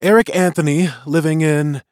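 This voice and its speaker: A man voicing a tiny invisible captive being who pleads for help in a shrill voice. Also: fairly even intonation, moderate pace, a little mellow, dry recording, clean studio sound, natural voice. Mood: pleading.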